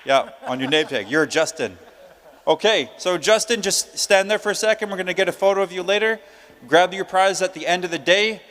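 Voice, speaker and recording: A man's voice: sits high, fairly quick, a bit bright. A man emceeing a prize draw at a conference, upbeat, joking and chatty as he calls out names. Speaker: emcee drawing prize winners. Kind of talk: live announcing at a conference. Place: large conference hall. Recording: long hall reverb.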